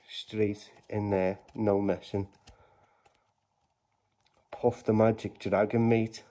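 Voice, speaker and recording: A man chatting casually to viewers as he opens card packs, bursting into loud exclamations between quieter mumbled remarks. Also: fairly low pitch, little pitch movement, takes it slowly, long pauses. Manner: slangy, chatty address to viewers. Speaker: YouTuber opening trading card packs. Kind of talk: casual vlog commentary.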